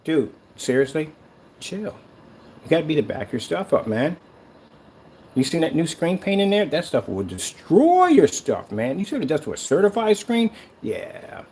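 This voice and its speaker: Man ranting on camera, mocking and sarcastic, lively pitch, light hiss behind. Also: normal speed. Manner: taunting, sarcastic, rambling. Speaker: screen paint maker. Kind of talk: mocking online rant.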